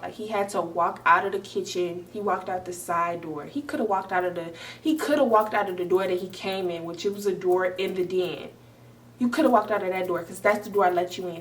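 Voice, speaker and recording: A young woman vlogger telling a story in an animated, emphatic, profane way. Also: mid-range voice, recorded from a distance, a little hiss or hum. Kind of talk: storytime vlog.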